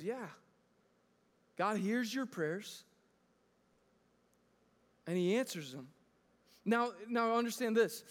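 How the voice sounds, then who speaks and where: A man in his thirties preaching a sermon to a church congregation, talking earnestly and conversationally, often restarting his phrases. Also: high voice. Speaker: pastor. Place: church sanctuary. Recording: long reverb of a large hall.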